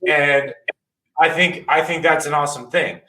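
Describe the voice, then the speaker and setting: A man in a casual podcast chat, ranting in an animated, lively way as he tells stories. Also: on the high side, normal speed. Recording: roomy distant mic with faint noise.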